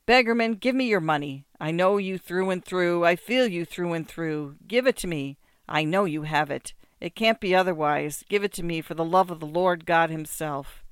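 A man's voice: sits high, normal speed, few pauses, clear, resonant tone, dry recording, studio quality. A man voicing a drunk, grieving peasant who pleads and threatens through tears. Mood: anguished. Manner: loud, tearful, pleading and threatening.

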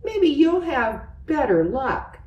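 Lady reading as a little storybook mouse, eager and slow-spoken, echoey room, mic far off. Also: highs cut off, heavily acted. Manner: lively read-aloud voice, slightly lower. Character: small excitable male mouse, bored then eager. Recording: roomy, away from the mic.

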